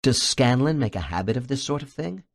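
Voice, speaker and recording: A man reading the lines of a calm male hypnotherapist with steady, patient questions. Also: mid-range voice, fairly quick, vocal fry.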